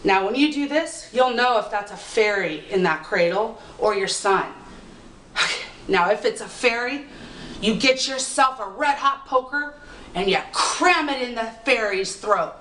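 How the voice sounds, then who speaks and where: A wise old cunning woman of the village, as a woman storyteller puts her on, slow and knowing, spelling out grim remedies. Her fairly high voice carries through a roomy space, heard from a way off. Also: animated, sharp tone. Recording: roomy, distant mic.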